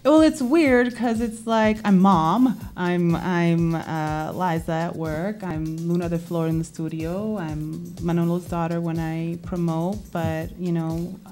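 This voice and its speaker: Faint music sits behind this spoken word artist and DJ, a woman in her forties from Lawrence, Massachusetts, as she's interviewed casually in a studio. She has a fairly low, dark, steady voice and takes her time, though she pauses little. Open and reflective, she says "um" and answers "yes, sir."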